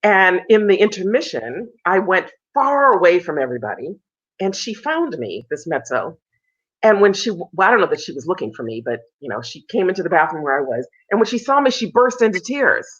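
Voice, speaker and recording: Fairly low in pitch, brisk, and breathy at the edges, this woman is a soprano being interviewed over video call. She's an animated storyteller who performs the lines of the people in her story in a raised voice, and the sound quality is dull and lo-fi.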